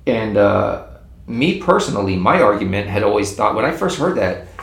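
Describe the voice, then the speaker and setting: A man with a low, gravelly voice tells a secondhand story in a loose, rambling way. He trips over his words and restarts often as he goes. The recording has a roomy echo with faint ambience behind it. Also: normal speed. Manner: animated, rambling, frequent restarts.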